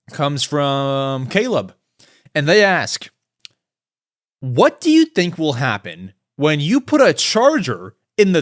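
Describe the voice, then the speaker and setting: A young man hosting a casual solo podcast, excitable and quick to break into exasperated rants. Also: high voice. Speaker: podcast host.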